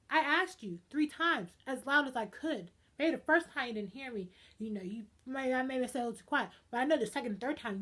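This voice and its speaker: A young woman ranting in a casual vlog, dramatic and animated, swinging between loud outbursts and hushed asides. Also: on the high side. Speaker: vlogger.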